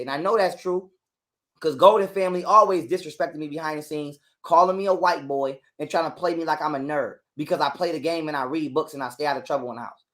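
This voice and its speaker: A man's voice: on the high side, a bit bright. A man telling a heated, profane story as a guest on an interview show. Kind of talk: casual storytelling.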